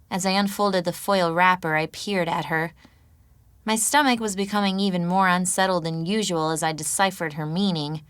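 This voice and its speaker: A woman narrating an audiobook in a measured, even storytelling manner. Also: lowish voice, clean tone, no echo.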